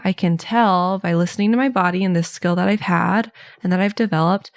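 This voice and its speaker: A woman hosting a solo podcast, talking in a candid, chatty way and venting openly. Her voice sits at an ordinary middle pitch. It is recorded close on the mic and dry, with no room sound. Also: gravelly, darkish tone, no room sound. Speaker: podcast host. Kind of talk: casual solo podcast monologue.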